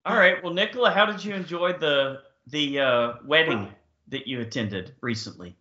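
A man hosting a casual podcast chat in a jokey, animated way. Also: fairly high pitch, normal speed. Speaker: podcast host. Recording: roomy, lo-fi call audio.

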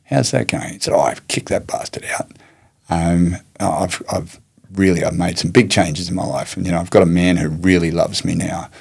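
A man with a low, gravelly voice, slightly husky, answers interview questions at length. He speaks in a measured, reflective way and brings his stories to life by acting out the lines of the people in them. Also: fairly even intonation, a little mellow. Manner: measured, reflective, acts out quoted speech. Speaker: guest, martial arts teacher and charity head.

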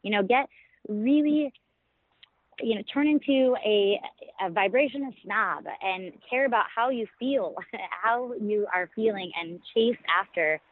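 A woman's voice: medium pitch, measured pace, no room sound. Enthusiastic woman on a tinny line. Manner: enthusiastic, storytelling, warm laughter. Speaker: podcast guest. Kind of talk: conversational interview.

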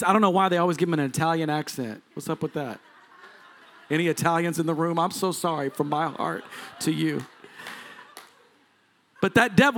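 A man's voice: high-pitched, a bit bright. A man, a lead pastor preaching a sermon to a congregation in a church, with rising intensity and asides to the crowd. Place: church sanctuary before a congregation.

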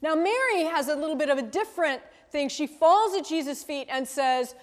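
Woman teaching bible study, high voice, thinks out loud, lots of "right?", roomy hall echo. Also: lively intonation, normal speed, few pauses. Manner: thinks aloud, asks questions, tags with "right?". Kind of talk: conversational scripture teaching. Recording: long reverb from a hall.

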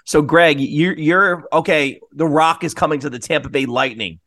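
A man co-hosting a casual podcast, telling stories with lively acted-out quotes. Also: on the high side, moderate pace, dry recording, studio quality. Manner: animated storyteller, acts out quotes. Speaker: podcast co-host. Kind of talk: casual chat.

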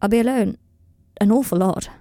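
Nervy dry-humored young guy, woman reading him, mellow gravelly voice, dry room. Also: medium pitch, brisk, dry recording, natural voice. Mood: wry.

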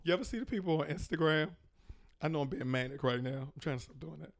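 Animated ranting comedian, fairly high voice. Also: male voice, fast, vocal fry. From Prince George's County, Maryland. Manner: animated ranting, slangy, mocking impressions. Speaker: comedian guest. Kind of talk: casual podcast chat.

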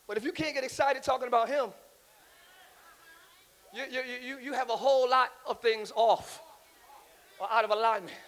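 A man preaching a live church sermon, swinging from quiet asides into shouting, calling on the congregation to repeat after him and joking with them. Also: extremely high pitch, steady tone, normal speed, pauses often. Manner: preaches with rising shouts and audience call-and-response. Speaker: pastor. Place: large church hall with congregation.

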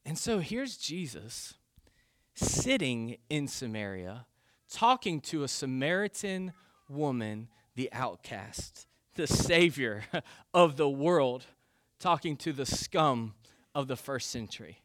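Bright-voiced, emphatic male pastor. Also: mid-range voice, slow pace, dry recording, studio quality. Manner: animated, emphatic, self-correcting. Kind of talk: sermon.

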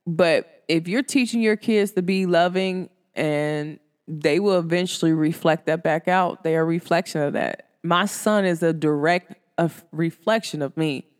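A woman in her thirties, a host talking casually to her listeners in a lively, animated way, acting out quotes with big jumps in pitch. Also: moderate pace, hardly any pauses, smooth, in a large hall. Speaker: podcast host.

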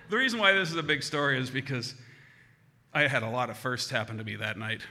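A man from the United States telling a comic story live, animated and self-mocking. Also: medium pitch, husky. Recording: hall reverb with faint hiss.

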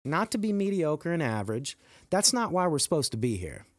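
A middle-aged man talking on his podcast, earnest and pumped up, rambling with restarts and leaping up in pitch whenever he acts out quoted exclamations. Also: sing-song, brisk, dry recording, clean studio sound. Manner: jumps high for quoted exclamations. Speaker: podcast host. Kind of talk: motivational podcast monologue.

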